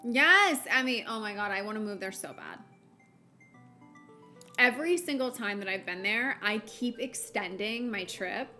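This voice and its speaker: A woman's voice: medium pitch, lively intonation, a little slow, sharp tone, faint music behind. A young American woman streaming a game, chatting casually with her viewers and laughing often. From United States. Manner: chatty, giggly, lots of fillers. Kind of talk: casual chat while gaming, reading chat.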